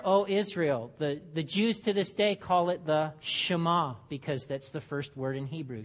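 A man's voice: a little high, moderate pace, few pauses. A man preaching a sermon in a church, in a conversational way with joking asides and frequent restarts. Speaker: pastor.

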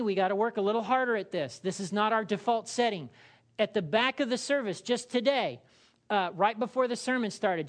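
A male pastor preaching in a conversational, humorous way, often checking in with the congregation. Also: high-pitched. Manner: conversational and humorous, with frequent "all right?" check-ins. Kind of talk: sermon.

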